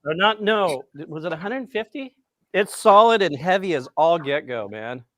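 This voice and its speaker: A man's voice: a little high, lively intonation, moderate pace, a bit bright, no room sound. Dry-sounding male griddle cook host. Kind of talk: casual chat while cooking.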